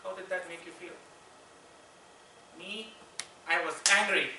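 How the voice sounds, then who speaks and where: A man delivering a persuasive contest speech, with dramatic pauses and rhetorical questions. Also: sits high, steady tone, vocal fry. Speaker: contest speaker. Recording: echoey room, far mic, faint noise.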